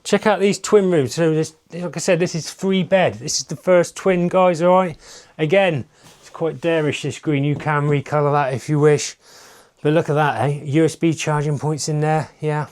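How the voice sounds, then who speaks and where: A man's voice: on the high side, fairly even intonation, moderate pace, a little mellow. A man giving an upbeat sales walkthrough of a holiday lodge, moving from room to room and talking to viewers. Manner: upbeat sales patter, keeps addressing viewers. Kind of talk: enthusiastic property walkthrough.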